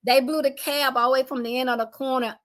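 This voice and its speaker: A middle-aged woman with a high-pitched voice tells a personal story about a storm at a quick pace. She animatedly acts out the voices of her family members.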